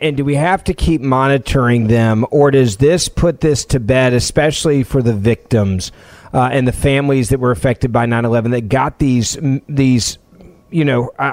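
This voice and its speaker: A man's voice: mid-range voice, a little mellow, dry recording. Earnest male co-host asking long questions. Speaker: podcast co-host. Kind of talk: interview questioning.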